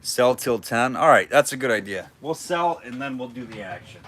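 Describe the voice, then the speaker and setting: A man's voice: mid-range voice, lively intonation, normal speed, fairly bright tone. A man running a live online auction, calling bids and chatting casually with viewers between lots. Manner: chatty, jokey, reads out bids and names viewers.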